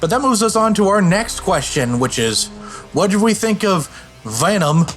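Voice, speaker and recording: Teasing male podcast host, slightly high voice. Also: big pitch swings, normal speed, soft background music. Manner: teasing, steers the questions. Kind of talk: casual chat.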